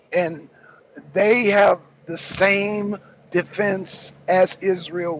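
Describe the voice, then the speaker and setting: A loose, chatty man talks straight to his live-stream audience. His voice sits a little high for a man. The stream sounds dull and lo-fi, with a faint hiss behind it. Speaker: talk show host. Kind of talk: casual live-stream commentary.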